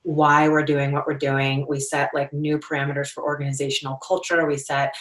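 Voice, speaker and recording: A woman's voice: low-pitched, little pitch movement, a little fast. A woman in her thirties, a podcast guest, talking casually and chattily with many fillers from her home. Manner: chatty, lots of "like" and "um". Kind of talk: casual interview chat. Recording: roomy, distant from the mic.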